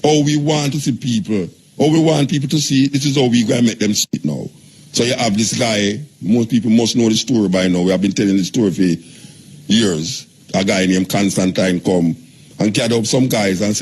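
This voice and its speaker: A man's voice: lowish voice, fairly quick, darkish tone, breathy edge. A man with a Jamaican accent hosting a radio talk show, preaching in drawling patois and teasing his callers.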